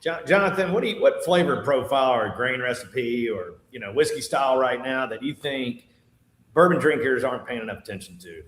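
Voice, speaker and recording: A man's voice: medium pitch, lively intonation, a little fast, a bit bright, echoey room. A man hosting a casual livestream, joking and laughing easily as he talks. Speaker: show host.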